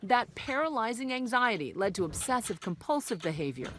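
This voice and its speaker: A woman narrating a news feature in a measured, serious scripted delivery. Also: on the high side, big pitch swings, heavy background noise. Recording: voice-over with loud music bed.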